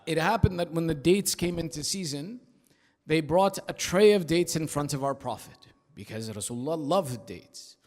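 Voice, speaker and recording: A male preacher giving an emphatic, rhythmic sermon at an Islamic center, telling stories and dropping into hushed asides. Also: a little high, expressive, moderate pace. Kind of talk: sermon with storytelling. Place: large prayer hall of an Islamic center. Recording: long hall reverb.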